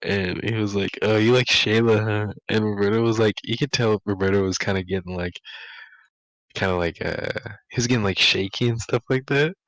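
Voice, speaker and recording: A man's voice: fairly low pitch, fairly quick, a bit bright, dry recording, low-quality recording. Rambling young man telling school stories. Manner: rambling, laughing, full of "like" fillers. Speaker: podcast co-host. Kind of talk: casual storytelling chat.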